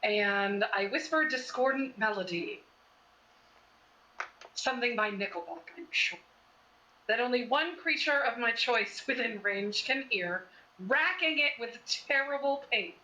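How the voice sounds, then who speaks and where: A wry, decisive woman playing a tabletop game over voice chat. Her voice is bright and a little high. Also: a little slow, poor audio. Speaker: player. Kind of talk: casual tabletop game play.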